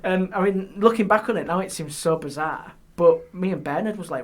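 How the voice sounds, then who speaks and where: A man, a guest on a podcast, telling ghost stories in a lively way and dropping his voice on eerie details. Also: sits high, a little fast. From England. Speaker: guest, paranormal historian. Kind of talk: casual storytelling. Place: podcast studio.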